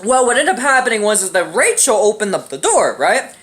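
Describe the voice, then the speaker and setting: A woman's voice: mid-range voice, sing-song, a little fast, a bit bright. A young woman telling a casual storytime vlog story, rambling and profane, full of "right?" and "you know" fillers. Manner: acts out quoted lines in shifted voices.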